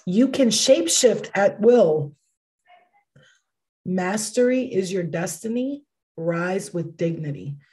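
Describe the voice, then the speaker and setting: A young woman doing a casual tarot reading, excitable and swearing freely, with bursts of exclamations. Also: mid-range voice, slow pace. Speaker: tarot reader.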